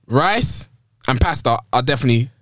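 A man's voice: mid-range voice, expressive, moderate pace, fairly bright tone, a little hiss or hum. A young man co-hosting a casual chat, emphatic and teasing. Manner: emphatic, teasing, sing-song bits. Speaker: podcast co-host.

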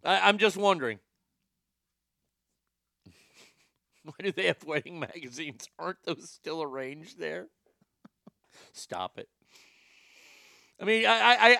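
Crude, mocking man with a gravelly edge. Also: sits high, bright, forceful tone, dry recording. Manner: crude, mocking, stammering restarts. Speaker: commentary podcast host. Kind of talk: ranting commentary.

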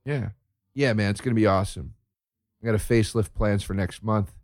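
A man's voice: on the low side, steady tone, a little fast, darkish tone, no echo, studio quality, lightly acted. A man putting on a dim, self-satisfied young man who makes viral videos, talking in a sluggish, pleased way. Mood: smug.

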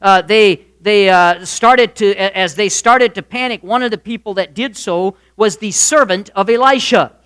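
A man preaching a sermon, retelling a Bible story in an animated way and acting out the voices of its figures. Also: high-pitched, normal speed, hardly any pauses, clear, resonant tone. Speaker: pastor.

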